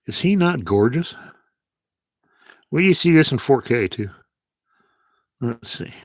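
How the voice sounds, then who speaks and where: A man talks casually through a livestream while editing, narrating to himself and to viewers as he goes. His pitch swings widely, so the chat sounds lively and animated. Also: unhurried, no echo, clean studio sound. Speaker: livestreaming video creator.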